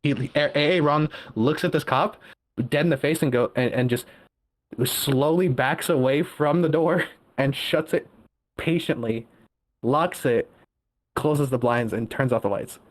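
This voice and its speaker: A man's voice: on the high side, a little slow. A young man telling a workplace story in casual chat, often laughing and restarting his sentences. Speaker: guest caller.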